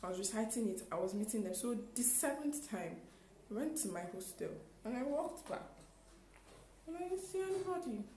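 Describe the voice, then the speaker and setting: A young woman, telling a storytime in an animated, exclaiming way with acted-out quotes. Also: a little high, brisk, reverberant, slight background noise, rough recording. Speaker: vlogger. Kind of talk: storytime vlog.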